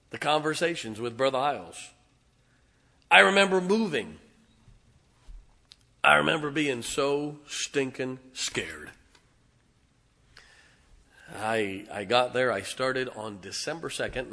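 A male pastor preaching a sermon, telling stories with emphatic, excitable delivery and calling out to his congregation. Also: mid-range voice, takes it slowly, gravelly, long pauses. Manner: emphatic storytelling with audience call-outs.

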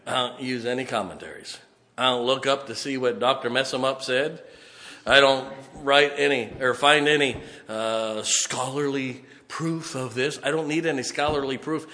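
A man preaching a fiery, folksy sermon, building emphatically to loud peaks. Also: medium pitch, normal speed. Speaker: pastor. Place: church sanctuary.

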